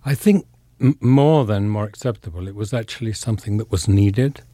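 An English actor giving an interview, speaking thoughtfully and haltingly with many pauses and fillers. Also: male voice, lowish voice, dark tone, no echo, studio quality. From England. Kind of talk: reflective interview talk.

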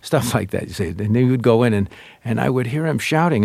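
Gravelly man telling a story. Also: medium pitch, a little fast, no room sound. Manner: lively, acts out quotes, laughs while telling. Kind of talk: anecdotal storytelling.

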